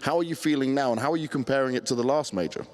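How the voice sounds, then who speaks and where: Fast-talking male esports interviewer. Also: mid-range voice, a little mellow, slight background noise. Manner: teasing, upbeat questions. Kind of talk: on-stage player interviews.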